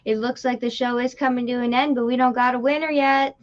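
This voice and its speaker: A woman co-hosting a live wrestling watch party stream, chatting casually in a relaxed, drawn-out way. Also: a little high, dull audio. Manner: relaxed, drawn-out, sleepy banter. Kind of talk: casual live reaction chat.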